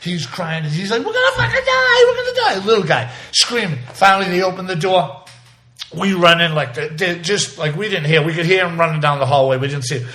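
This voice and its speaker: A man's voice: fairly high pitch, fairly quick, sharp tone. A man, speaking in a slightly raised register. He recounts a story in a casual interview, profane and rambling, often breaking off and restarting his sentences. The delivery is loose and conversational. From South Boston. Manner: profane, rambling, vivid retelling with many restarts. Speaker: interview guest.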